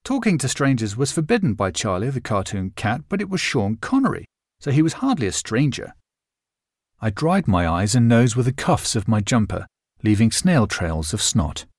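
A man narrating a first-person short story in a vivid, expressive reading. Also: medium pitch, normal speed, no room sound, studio quality.

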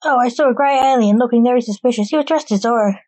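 A woman voicing a blunt, squeamish teenage girl apprentice in a read-aloud story, pitching her a little higher. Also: quick pace, dark tone, natural voice.

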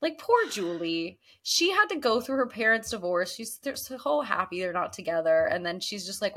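A woman's voice: mid-range voice, sing-song, moderate pace, fairly bright tone. A woman co-hosting a podcast, chatting casually and animatedly acting out characters' lines as she recaps an episode. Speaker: podcast co-host.

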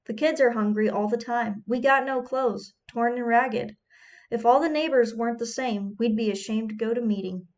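A woman's voice: fairly high pitch, moderate pace, close to an everyday voice. A woman reading the lines of desperate poor tenant farmer men, pleading and urgent in her own voice.

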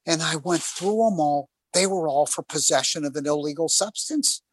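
A man hosting a talk show, telling stories from a bike trip in a casual, animated way and acting out the quotes. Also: a little high, moderate pace. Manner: animated, rambling storyteller who acts out quotes. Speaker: radio show host on a cycling trip. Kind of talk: casual storytelling chat on air.

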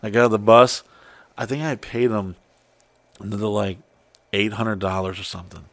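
A man's voice: lowish voice, moderate pace, no room sound, studio quality. A man telling a wild story in casual chat, swearing freely and acting out what people said. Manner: profane, excitable, acts out quotes.

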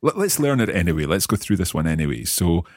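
A man's voice: low voice, big pitch swings, fast talker, darkish tone, no echo, clean studio sound. A man hosting a language lesson podcast, curious and carefully repeating words after his teacher. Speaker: host and learner.

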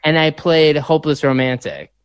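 A man casually telling an anecdote in a relaxed, halting way with a few restarts. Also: fairly high pitch, clean tone, no room sound, clean studio sound.

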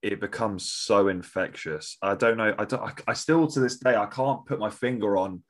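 Male podcast host, low voice, halting and searching for words. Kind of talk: casual podcast chat.

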